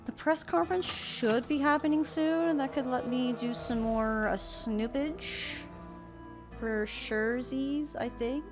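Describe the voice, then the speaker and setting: A woman's voice: sits high, unhurried, music in the background. A woman streaming a mystery game, chatting playfully with her viewers. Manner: bubbly, chatty, playful asides to chat. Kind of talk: casual live-stream chat.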